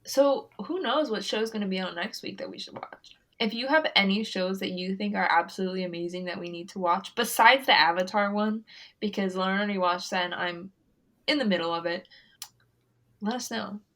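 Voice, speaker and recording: A young adult woman co-hosting a podcast in casual chat, chatty and quick to laugh. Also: mid-range voice, fairly bright tone. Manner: giggly, chatty, frequent laughter. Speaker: podcast co-host.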